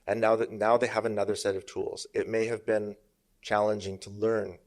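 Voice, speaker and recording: A man's voice: lowish voice, flat delivery, moderate pace. A middle-aged man from Canada, a business coach talking emphatically as a guest in a podcast studio interview. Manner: emphatic, uses sparring metaphors, asks "make sense?".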